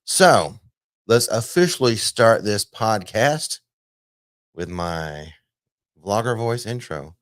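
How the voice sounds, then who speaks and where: A man's voice: fairly low pitch, lively intonation, slow, long pauses, no echo, studio quality. A man hosting a casual theme park news podcast, chatty and loose, with plenty of fillers. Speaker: podcast host.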